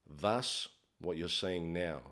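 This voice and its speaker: A man's voice: sits low, slow, a bit bright. A man playing a brash, crude life coach, swearing in a swaggering, mock-profound comic monologue. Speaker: comedy character host.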